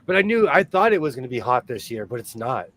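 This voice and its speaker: A man's voice: mid-range voice, sing-song, fast, a bit bright, dry recording. A man hosting a sewing livestream, chatting casually and animatedly, laughing often.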